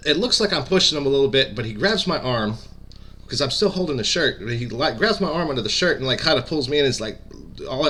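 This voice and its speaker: Rambling man with a bright voice. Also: medium pitch. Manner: rambling, full of fillers and stutters. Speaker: former pro wrestler telling a story. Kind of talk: casual storytelling.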